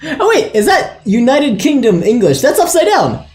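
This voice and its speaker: Man, live streamer, chatty, laughs a lot, lively pitch, faint music behind. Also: moderate pace. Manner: chatty, laughs often, thinks aloud. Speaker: streamer and server admin. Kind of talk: casual live-stream chat.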